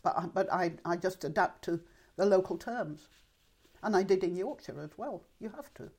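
Older woman with a husky low voice. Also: lively intonation, normal speed, a little mellow. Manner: chatty, thoughtful, opinionated. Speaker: interviewee. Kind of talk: reminiscing oral-history interview.

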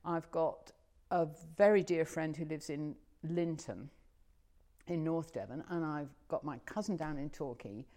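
A woman's voice: deep voice, measured pace, warm tone. An older woman being interviewed for an oral history, talking in a chatty, rambling way with frequent restarts and fillers.

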